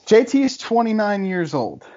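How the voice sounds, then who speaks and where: A man arguing a contrarian take on a casual podcast, chatty and quick to laugh. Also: sits high, sing-song, highs cut off, over a noisy crowd. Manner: chatty, laughs often, argumentative. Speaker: podcast guest debater.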